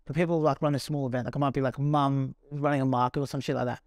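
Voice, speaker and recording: A man's voice: medium pitch, little pitch movement, fast talker, no echo. An Australian man, a business owner on a podcast, talking bluntly and swearing freely in casual chat.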